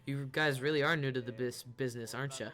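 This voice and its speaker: A man's voice: mid-range voice, steady tone, fast, pushed and bright, lightly acted. A man voicing a streetwise male mercenary in a game, talking in a casual, slangy way. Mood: sly.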